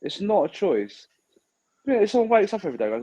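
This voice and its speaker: A man's voice: sits high, very animated, fast, mellow, poor audio. A man in casual podcast chat, blunt and swearing freely, telling stories and acting out what others said. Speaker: podcast co-host.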